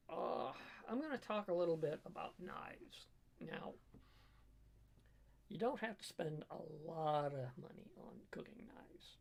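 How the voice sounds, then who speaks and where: A middle-aged man, a cook and livestreamer, chatting casually in a home kitchen, rambling and halting and firm in his opinions. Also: on the high side, creaky, slightly rough.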